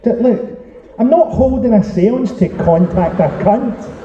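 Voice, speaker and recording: A man's voice: high voice, expressive, measured pace, very echoey. Male comic, crowd work, caustic and sweary; dull distant live sound with noise. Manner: sweary, sardonic, teasing the crowd. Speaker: stand-up comedian. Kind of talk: stand-up set with crowd work. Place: live comedy venue on stage. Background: audience laughter and chatter.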